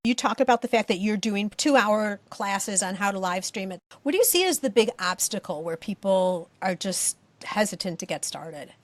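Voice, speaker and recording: A woman's voice: medium pitch, lively intonation, moderate pace, few pauses, dry recording. Woman podcast host, encouraging and chatty, dry close sound. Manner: encouraging, conversational. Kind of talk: interview questions and chat.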